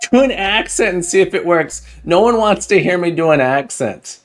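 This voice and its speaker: Excitable, lively-voiced coding streamer. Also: male voice, high-pitched, moderate pace, few pauses, faint music behind. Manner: excitable, chatty, repeats words and restarts often; laughs often and jokes with chat. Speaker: livestream coding host. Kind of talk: casual live-stream chat while coding.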